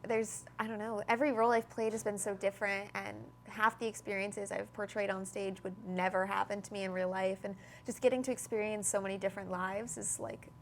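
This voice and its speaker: A young woman answers interview questions about her stage work in a bubbly, casual manner, with her voice at an ordinary middle pitch. She sprinkles in "like" often, and a faint hum sits behind her. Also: flat delivery, a little fast, few pauses. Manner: bubbly, lots of "like", laughs while talking. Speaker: actor, interview guest.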